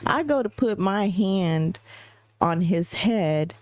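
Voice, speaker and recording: A middle-aged woman co-hosting a podcast, telling a story in casual chat and mimicking people with high, exaggerated voices. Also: animated, slow, a little mellow, no echo. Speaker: podcast co-host.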